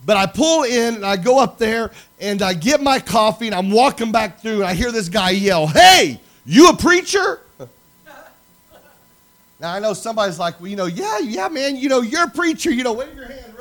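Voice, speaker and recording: A man's voice: sits high, animated, a little fast, few pauses. A man preaching, telling a story animatedly and acting out the dialogue. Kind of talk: sermon storytelling.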